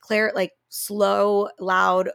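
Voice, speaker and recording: A woman co-hosting a podcast who tells a story in a quick, animated way, acting out quotes and using plenty of fillers. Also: medium pitch, vocal fry, clear, resonant tone, no echo, clean studio sound. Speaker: podcast co-host and speech therapy grad student.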